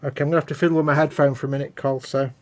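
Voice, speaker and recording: A man's voice: fairly high pitch, level tone, very fast. A man from England hosting a live stream while building a model kit, chatting casually with dry, self-mocking jokes.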